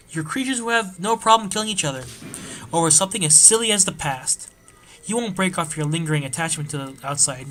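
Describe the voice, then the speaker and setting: A man's voice: high-pitched, pushed and bright. A man voicing a gleeful, mocking bear mascot villain in a game let's play, taunting and announcing in a sing-song way.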